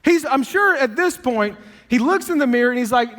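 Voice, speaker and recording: High-voiced pastor preaching with humor. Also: male voice, moderate pace, in a large hall. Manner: energetic, humorous storytelling. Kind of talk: sermon. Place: church auditorium.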